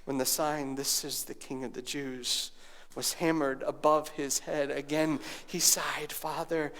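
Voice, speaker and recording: A man's voice: medium pitch, flat delivery, a little slow, fairly bright tone. A male pastor delivering a sermon, dropping to near-whispers and rising to raised, emphatic preaching. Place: church sanctuary.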